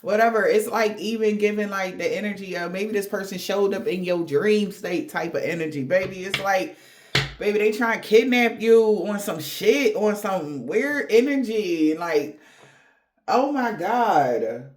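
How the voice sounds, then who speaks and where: A woman's voice: mid-range voice, expressive, unhurried. Woman tarot reader, candid and profane, chatty reading to viewers. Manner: blunt, profane, chatty with laughing asides. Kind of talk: casual spiritual reading to viewers.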